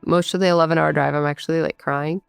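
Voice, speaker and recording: Her voice sits low and quick, gravelly but smooth, with fairly even intonation. She's in her thirties, originally from Michigan, and recounts her own experiences in candid, conversational speech full of fillers. There's no echo, only faint background music.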